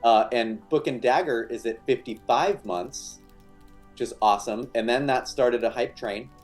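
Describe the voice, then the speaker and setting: A man with a voice of middle pitch reads out thanks on a stream. He is casual and friendly, with frequent fillers and restarts. Faint music plays behind him. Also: moderate pace. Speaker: tabletop player reading channel thanks.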